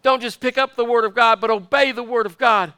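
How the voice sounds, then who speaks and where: A man's voice: very high voice, steady tone, brisk, bright, forceful tone, clean tone, dry recording. A man preaching a fervent sermon, repeating his points and asking the congregation for amens. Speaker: pastor.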